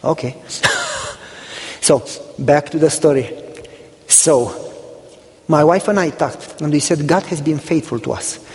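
High-voiced Romanian-born pastor preaching. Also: male voice, measured pace, long pauses, in a large hall. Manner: animated storytelling, acting out dialogue. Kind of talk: storytelling sermon.

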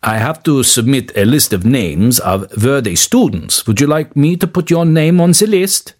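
A man's voice: mid-range voice, lively intonation, darkish tone, pitched above the performer's own voice, lightly acted. A man reading the part of a formal, courteous professor of divinity in a storybook. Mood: kindly. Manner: formal, measured speech.

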